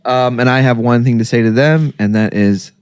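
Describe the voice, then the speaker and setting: A man's voice: mid-range voice, normal speed, darkish tone, smooth, no echo, clean studio sound. Laughing, joking man in casual podcast chat.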